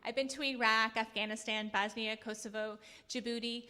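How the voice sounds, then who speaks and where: This middle-aged woman from Kansas, in the US Midwest, sounds smooth, sharp and fairly high, keeping a steady tone at normal speed. Her acceptance speech is earnest storytelling lightened with humor.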